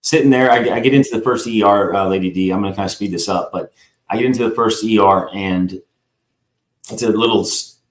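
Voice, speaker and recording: A man's voice: lowish voice, brisk. A man who is a guest on a live talk show, telling a long personal story in a rambling way, acting out the people in it and often addressing the host by name. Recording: roomy echo.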